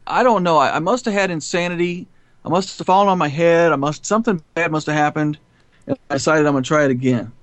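A man telling stories in an interview, animated and profane, often laughing. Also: on the high side, fast talker, no echo. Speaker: filmmaker guest. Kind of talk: storytelling interview.

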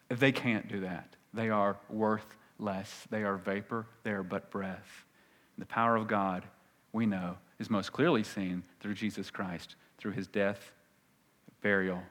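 A male pastor preaching a sermon, swinging between loud emphatic peaks and hushed, low phrases. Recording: long hall reverb.

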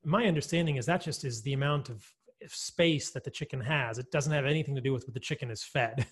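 Speaking fairly quickly in a slightly rough, mid-range voice, a male guest expert explains at length during a conversational podcast interview. He comes across as enthusiastic and chatty, laughing and using fillers often.

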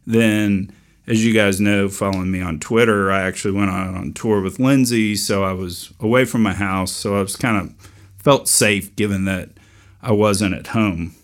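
Low-voiced man telling a wry story. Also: steady tone, normal speed. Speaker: podcast host. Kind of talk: storytelling monologue.

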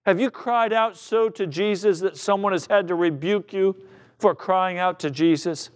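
A middle-aged male pastor preaching a sermon with passion, now and then bursting into shouted quoted voices. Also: sits high, normal speed.

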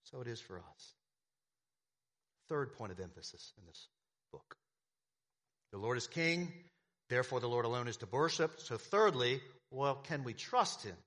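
A man's voice: mid-range voice, fairly bright tone. A man preaching a sermon as pastor, emphatic, with repeated phrases and rhetorical questions to the congregation.

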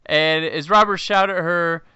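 A man walks through a movie's plot on a casual podcast, dropping wry asides. His voice is bright and crisp. The sound is dry and a bit dull. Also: a little high, fairly even intonation, unhurried, dry recording. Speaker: podcast host recapping the plot.

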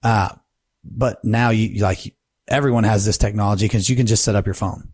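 Low-voiced relaxed man on a podcast. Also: normal speed, husky, dry recording, studio quality. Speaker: podcast co-host. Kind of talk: casual podcast conversation.

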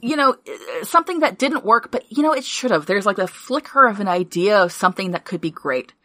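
A woman co-hosting a podcast in casual chat, excitable, swearing freely and laughing often. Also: mid-range voice, a little fast, no room sound. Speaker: podcast co-host.

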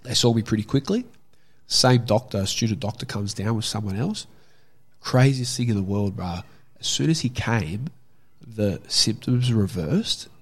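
A man's voice: lowish voice, expressive, unhurried, breathy edge. A young Australian man telling a story from his own life in a casual, candid way, swearing freely. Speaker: guest.

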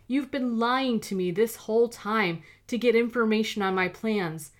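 A woman's voice: on the high side, normal speed, pitched above the performer's own voice, natural voice. A woman doing a menacing vengeful male villain.

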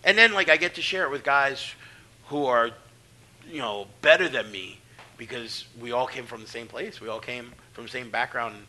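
A man's voice: mid-range voice, normal speed, low-quality recording. A man from Brooklyn, a pro wrestler, telling profane stories in a casual podcast chat and acting out the voices of the people in them. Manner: profane, animated, acts out quoted voices.

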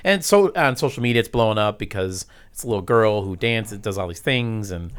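A man's voice: fairly low pitch, animated, brisk, clear, resonant tone. A man co-hosting a podcast, talking casually and hesitantly with many fillers. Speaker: podcast co-host. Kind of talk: casual chat.

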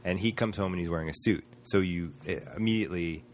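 A man co-hosting a casual movie review podcast, making quick, wry, mocking quips. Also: deep voice, a little hiss or hum. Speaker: podcast co-host.

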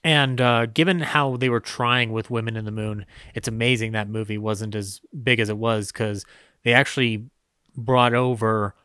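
A man's voice: fairly low pitch, fairly even intonation, moderate pace, bright, forceful tone, clean tone, no room sound, clean studio sound. A man co-hosting a podcast, talking casually about old films with many fillers and frequent laughs. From United States. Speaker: podcast co-host. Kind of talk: casual film discussion.

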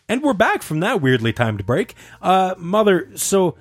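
Lively joking podcast host man. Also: high-pitched, measured pace, faint music behind. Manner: jokey and bantering, swears casually. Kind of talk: casual chat.

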